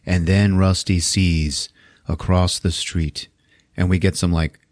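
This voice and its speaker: A man hosting a podcast, retelling a film plot in a casual, animated and profane way and acting out the characters. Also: deep voice, slow pace, no echo, clean studio sound. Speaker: podcast host.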